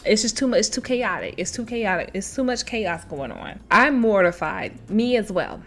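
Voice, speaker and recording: A woman hosting a show where she reads online stories aloud and reacts to them in an expressive, chatty way, laughing often and talking straight to her listeners. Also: medium pitch. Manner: chatty, addresses listeners directly. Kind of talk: casual storytelling with commentary.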